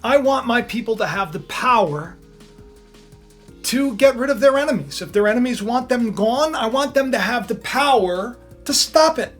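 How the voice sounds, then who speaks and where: A man's voice: very high-pitched, expressive, moderate pace, faint music behind. A man voicing a queen, a woman who earnestly insists on her people's right to defend themselves. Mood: insistent. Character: determined pleading queen, woman.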